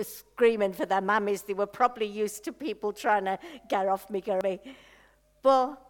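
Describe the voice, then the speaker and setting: A woman preaching a sermon, telling a personal story in a slow, heartfelt way with soft pauses. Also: a little high.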